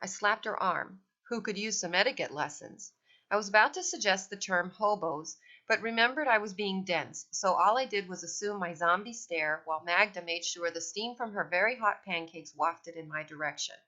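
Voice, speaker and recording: A woman reading a children's book aloud in a wry, deadpan storytelling manner, in a dull lo-fi recording. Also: medium pitch, moderate pace, hardly any pauses. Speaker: audiobook reader.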